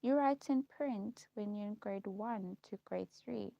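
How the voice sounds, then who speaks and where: A young woman telling her life story in a casual vlog, repeating herself and pausing with ums as she lists memories. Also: mid-range voice, gravelly, no room sound. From South Africa. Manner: repetitive, listing recollections with frequent ums. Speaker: vlogger. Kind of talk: personal storytelling. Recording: dull lo-fi recording.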